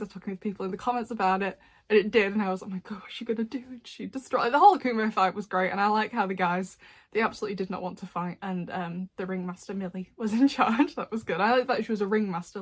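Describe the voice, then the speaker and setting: A young woman, chatting casually as a fan reviewer, laughing often and adding quick asides. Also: medium pitch, fairly even intonation. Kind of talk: casual chat. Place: dim room at home.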